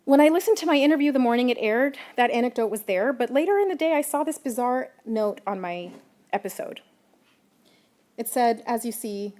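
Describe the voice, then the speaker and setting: Woman journalist giving a measured lecture. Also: fairly high pitch, animated, a little mellow. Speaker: journalist giving a public talk. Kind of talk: prepared lecture.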